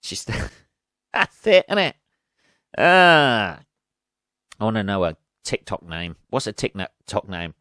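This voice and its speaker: With a lowish, sing-song voice that's pushed and bright, a male podcast host takes things slowly and pauses often. He rambles through crude comedy, cracking himself up, in clean studio sound with no echo.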